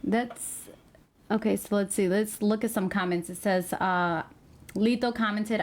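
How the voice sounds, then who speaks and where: A woman's voice: medium pitch, a little slow, a little mellow. A woman hosting a casual talk show, reading out viewer comments and joking with her guest. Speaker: host. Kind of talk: casual chat.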